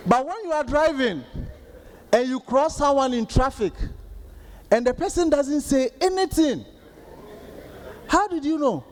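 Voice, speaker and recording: A man in his thirties with a Ghanaian accent doing stand-up comedy, telling stories in an animated way and acting out the outbursts of others. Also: extremely high pitch, measured pace, pauses often, background noise.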